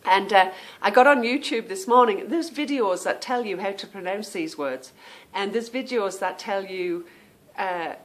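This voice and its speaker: A woman's voice: mid-range voice, measured pace, hardly any pauses. Chatty British woman podcaster. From England. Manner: chatty and meandering, trailing off. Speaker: podcast host. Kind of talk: casual chat.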